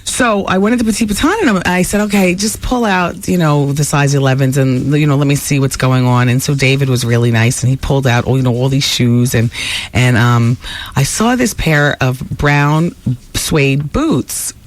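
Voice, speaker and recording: Brassy talk radio woman, gossipy. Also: normal speed. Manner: brassy, theatrical, swoops high when excited. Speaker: radio talk show host. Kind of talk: casual radio gossip chat.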